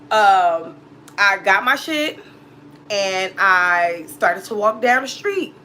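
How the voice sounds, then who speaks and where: A woman's voice: medium pitch, pushed and bright, slight background noise, rough recording. A woman, hosting a casual storytime vlog. She speaks bluntly and profanely and acts out both sides of every conversation. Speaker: tarot reader and channel host.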